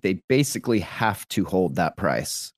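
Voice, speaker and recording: Wisecracking man, lively low voice. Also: measured pace, husky, dry recording. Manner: wisecracking, crude. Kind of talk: casual chat in an online audio room.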